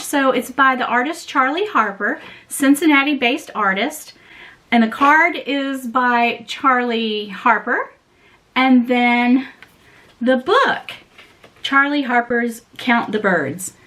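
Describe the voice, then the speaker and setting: A woman's voice: a little high, fairly bright tone. A woman vlogger unboxing gifts in a casual chat, gushing and sentimental, often breaking into laughter. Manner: sentimental and emotional.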